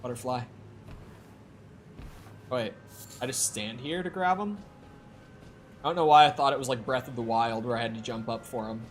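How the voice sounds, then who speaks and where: Here a man with a mid-range voice speaks at a moderate pace, pausing often, with a little hiss or hum on the recording. He provides laid-back gameplay commentary on a live stream, swearing a lot and talking back at the screen.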